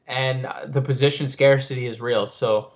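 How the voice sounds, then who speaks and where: A man talking fantasy basketball picks in a casual live-stream chat, filling pauses with ums and you-knows. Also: medium pitch, steady tone, dull audio. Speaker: fantasy sports analyst.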